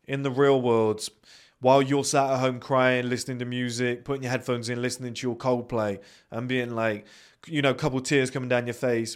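A man's voice: medium pitch, fairly even intonation, brisk. Blunt, sweary man. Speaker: podcast host. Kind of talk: blunt motivational monologue.

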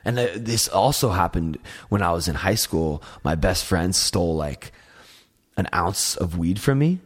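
A man's voice: low-pitched, lively intonation, measured pace, breathy edge. A man in casual chat, telling rambling, profane stories packed with "like" and filler. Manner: rambling, profane storytelling, heavy use of "like".

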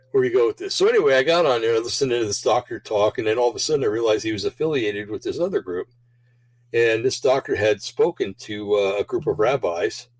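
Male show host, low voice, a little winded, rambling off-the-cuff talk with lots of ums, dry close sound. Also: darkish tone, no echo, low-quality recording. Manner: rambling, many fillers and restarts. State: slightly out of breath. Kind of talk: casual rambling monologue.

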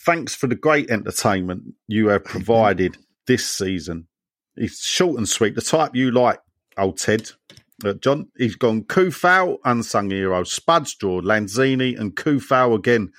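An unhurried podcast host with a fairly low voice reads messages sent in by listeners, trading lively jokes with his co-hosts. There's no room sound in the recording.

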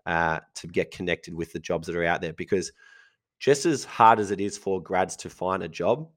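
A man with a husky voice, chatting casually as a podcast co-host and laughing often. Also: low voice, normal speed. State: husky voice from illness.

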